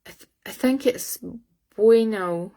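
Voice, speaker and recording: Flat-toned woman doing a live reading. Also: fairly low pitch. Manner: halting, searching for words aloud. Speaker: psychic medium. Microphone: phone.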